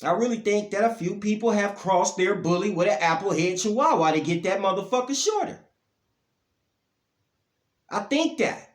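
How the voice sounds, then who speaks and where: A man, ranting bluntly about dog breeding, his voice swinging from low grumbles to loud outbursts. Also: expressive, normal speed, pauses often, echoey room. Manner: blunt, profane, heated, pitch and loudness swinging up and down. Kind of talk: ranting monologue to camera.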